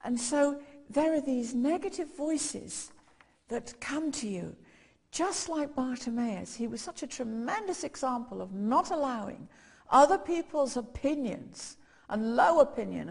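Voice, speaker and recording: A woman's voice: a little high, lively intonation, measured pace, vocal fry, breathy edge. A woman preaching a sermon, telling a story and acting out its voices with growing intensity. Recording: long hall reverb.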